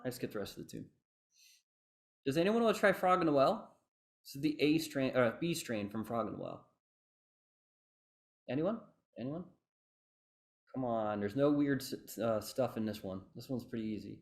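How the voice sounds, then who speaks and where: A man's voice: mid-range voice, expressive, normal speed, pauses often, slight background noise. A man teaching fife rhythms in an online workshop, chanting rhythm syllables and encouraging his students over a video call. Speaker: fife instructor. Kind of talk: online music workshop lesson.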